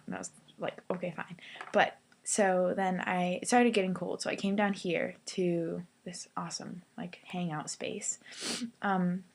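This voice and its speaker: A young woman vlogging from a hostel hangout space, telling a story in a chatty, excited way full of fillers and acting out what people said. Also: lowish voice. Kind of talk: casual storytelling vlog.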